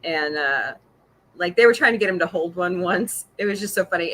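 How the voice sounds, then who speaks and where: A middle-aged woman hosts a loose, casual livestream chat, jumping between topics and laughing often. Her voice sounds bright, and she answers viewers' comments as she goes. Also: on the low side, a little fast, breathy edge. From Missouri. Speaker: podcast host.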